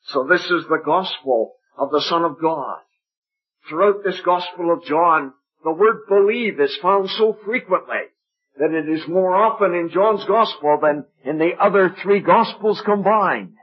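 Husky-voiced preacher in a gospel meeting. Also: male voice, sits high. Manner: emphatic, dwelling on repeated phrases, dropping to a hush. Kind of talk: evangelistic sermon. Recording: dull lo-fi recording.

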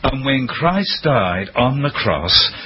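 A man's voice: medium pitch, very animated, slow pace, dull audio, noisy background. A man preaching a sermon with impassioned emphasis, breaking into dramatic cries.

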